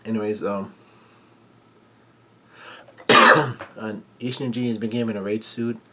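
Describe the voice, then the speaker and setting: A man casually recapping a manga chapter, halting often with fillers and restarts, and blunt enough to swear when something surprises him. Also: lowish voice, steady tone, heavy background noise.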